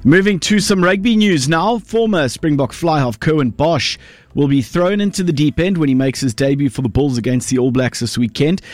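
A man reads the sports bulletin on a radio station in a steady, crisp, scripted way. His voice sits a little high for a man. The studio sound is close and dry. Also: no room sound. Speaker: sports newsreader.

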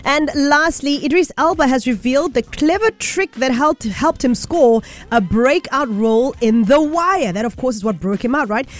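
A woman's voice: high voice, expressive, moderate pace, few pauses. A woman presenting entertainment news on the radio in a breezy, chatty way. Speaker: radio host.

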